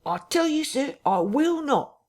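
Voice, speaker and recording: A man's voice: very high voice, very animated, unhurried, darkish tone, pitched above the performer's own voice, full character voice. A man reading an audiobook, voicing a flustered vicar who speaks with a jerky, strained intonation.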